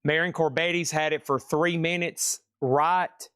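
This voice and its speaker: A man hosting a live-streamed record auction, calling bids and sales in a fast, chatty, upbeat patter. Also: a little high, steady tone, a bit bright, clear, resonant tone, no echo, studio quality.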